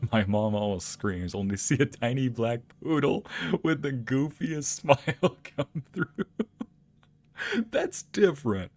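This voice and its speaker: A young adult man streaming, who tells anecdotes in a casual, animated way and laughs often. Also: mid-range voice, slow, dry recording. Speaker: streamer and narrator. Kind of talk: casual storytelling chat.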